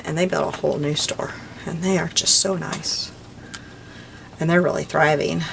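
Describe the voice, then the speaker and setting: An older woman with a lowish voice chats as she crafts, wandering from one story to the next. Her talk is relaxed and homey, with soft laughs. A faint hiss of noise sits under the recording. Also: vocal fry. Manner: chatty, rambling, warm little laughs. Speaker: crafting vlogger. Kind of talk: casual chat while crafting.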